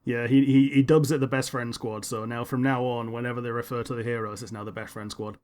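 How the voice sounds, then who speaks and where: Male podcast co-host, mid-pitched voice, laid-back and informative, casual chat. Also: little pitch movement, fast talker, darkish tone. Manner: laid-back, explains show details, agreeable.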